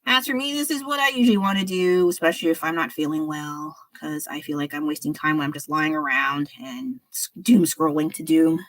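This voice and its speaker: Woman streamer, lowish voice, dry close sound, loose rambling chat while painting, a bit unwell. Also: steady tone, a little fast, few pauses, a bit bright, no echo, rough recording. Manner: rambling, sighing and laughing. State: under the weather. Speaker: art livestreamer.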